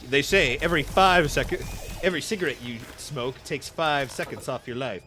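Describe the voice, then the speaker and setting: A man's voice: fairly high pitch, moderate pace, sharp tone. A young man chatting casually and laughing while streaming a game. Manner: goofy, laughing, quoting cartoon lines in silly voices. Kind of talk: casual gaming stream chat.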